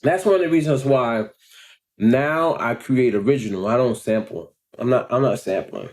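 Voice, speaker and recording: A man's voice: mid-range voice, normal speed, darkish tone. A man, telling slangy stories in a casual vlog and laughing often. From Long Island, New York. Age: 40s. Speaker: vlogger and rapper.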